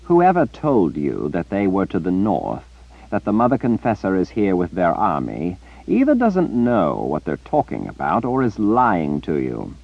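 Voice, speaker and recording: A male narrator puts on a full character voice for an arrogant, theatrical sorcerer, raising his drawl so it swings between lofty and sneering in a haughty, dismissive mood. The voice is low with wildly swooping pitch, vocal fry and slight roughness at a measured pace. The recording is dry and somewhat muffled, with highs cut off.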